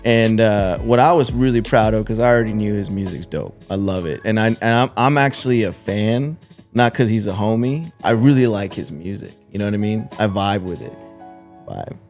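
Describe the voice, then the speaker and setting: A man's voice: fairly low pitch, normal speed, darkish tone, soft background music. A young man hosting a podcast, telling stories in a loose, slangy, casual way with lots of fillers. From Texas. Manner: laid-back storytelling, lots of slang and fillers. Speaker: podcast host. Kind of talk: casual chat.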